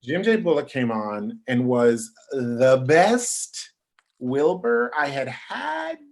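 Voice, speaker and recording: A man, a guest on a podcast, telling casual, animated anecdotes and quoting other people. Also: medium pitch, slow pace. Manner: chatty, animated anecdotes with quoted voices.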